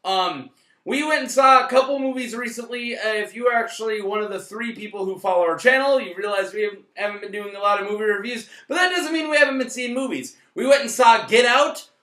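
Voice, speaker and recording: A high-pitched man in his late twenties rambles through a casual movie review, cracking jokes and swearing. He sounds a bit tipsy and his bright, sharp voice rings around an echoey room. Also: brisk. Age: late 20s. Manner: rambling, joking, swears often, bursts into loud shouts. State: tipsy from tequila and beer. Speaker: co-host of a movie review channel.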